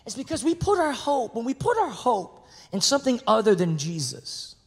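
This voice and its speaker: A male pastor preaching in a large church sanctuary, his voice ringing with a long hall reverb. He is lively and animated, dropping to near whispers and then rising to shouts. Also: very high voice, moderate pace, gravelly. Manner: animated, swinging from hushed to shouting. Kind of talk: sermon.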